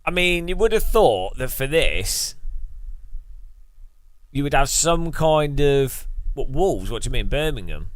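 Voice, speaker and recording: A man's voice: medium pitch, big pitch swings, a little slow, no echo. A man with a Midlands English accent, streaming live and commenting on a racing game in a chatty, joking way, often exclaiming.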